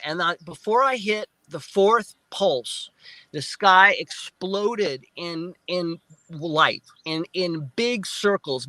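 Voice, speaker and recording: Speaking as a guest, this man is excitable as he relives an experience, imitating noises and repeating his own words from the moment. He has a high, bright, forward voice, captured up close in a dry recording with no trace of the room.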